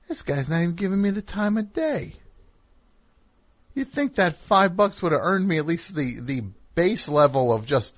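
A man's voice: a little high, fairly bright tone, husky. A middle-aged man hosting a call-in radio show, telling rambling, wry, self-deprecating stories and chatting with callers. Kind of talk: casual monologue and call-in chat.

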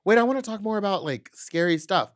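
A woman's voice: medium pitch, animated, quick pace. A woman from Texas, co-hosting a casual chat with crude jokes. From Katy, Texas. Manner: crude joking, swooping delivery. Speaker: podcast co-host.

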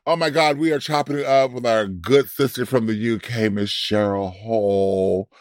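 A man co-hosting a casual podcast chat, animated and drawling, laughing often. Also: lowish voice, normal speed, dry recording, clean studio sound. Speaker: podcast co-host.

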